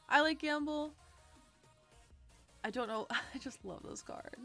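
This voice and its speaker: A bubbly young woman chatting casually with her live-stream audience, quick to giggle. Her voice sits a little high, with soft music playing faintly in the background. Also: animated. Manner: bubbly, giggly, talks to chat.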